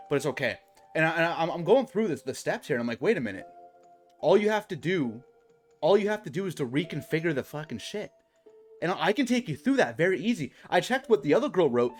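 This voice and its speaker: A young adult man streaming, telling a work story in casual chat, swearing and saying bro a lot. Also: fairly high pitch.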